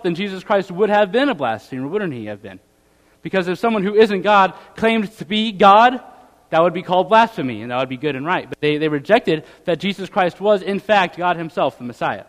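A man with a high voice preaches in a loose, conversational style. He reads scripture aloud and keeps tossing rhetorical questions to his listeners. His voice rings on in the long reverb of a hall. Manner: reads scripture aloud in old-fashioned wording. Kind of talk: sermon.

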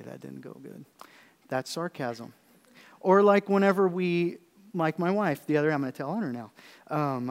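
Man preaching a sermon, high voice, humorous asides, rhetorical questions, reverberant hall. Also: clear, resonant tone. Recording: echoey hall.

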